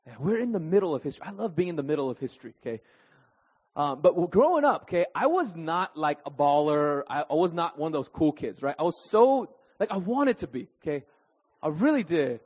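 A man in his thirties preaching through personal stories, animated and self-deprecating, tagging his sentences with "right?" and "okay?". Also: a little high, fairly quick, slightly rough. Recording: dull recording with long hall reverb.

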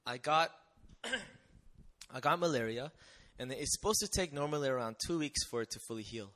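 Addressing an audience at a moderate pace, a young missionary speaker tells his personal testimony in a medium-pitched voice. His manner is animated and chatty, with frequent rhetorical questions.

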